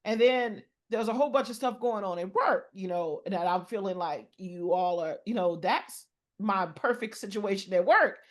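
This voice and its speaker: A middle-aged woman, a podcast guest, speaking earnestly in a personal conversation about mental health, often pausing and restarting her sentences. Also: medium pitch.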